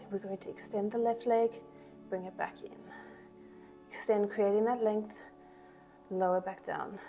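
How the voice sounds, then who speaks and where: A woman coaches a pilates class, counting down reps and calling out inhales and exhales while she does the moves herself. She sounds a little out of breath. Her voice is mellow, and soft music plays faintly behind her. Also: medium pitch. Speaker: pilates instructor. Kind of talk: workout class instruction.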